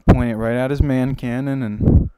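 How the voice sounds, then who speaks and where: A man's voice: medium pitch, fairly even intonation, moderate pace, dark tone, smooth, no room sound, low-quality recording. A young man livestreaming and telling a long joke in a rambling, self-interrupting way. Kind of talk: casual joke telling on a live stream.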